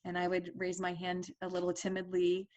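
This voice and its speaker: A woman's voice: lowish voice, monotone, fairly quick, darkish tone. A woman in her forties telling a personal story as a parent advocate, earnest and conversational with fillers and restarts.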